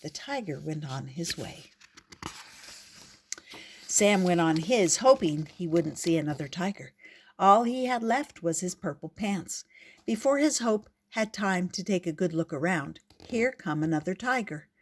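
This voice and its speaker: An older woman reading a picture book aloud in a gentle, expressive way. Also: fairly low pitch, measured pace. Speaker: storyteller.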